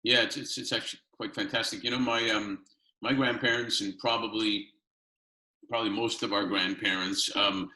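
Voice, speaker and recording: A man with a bright, forward voice that still sits fairly low asks long, winding interview questions. He often restarts a phrase and slips in a small laugh before finishing a thought. The recording sits in a roomy, echoey space. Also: steady tone, moderate pace.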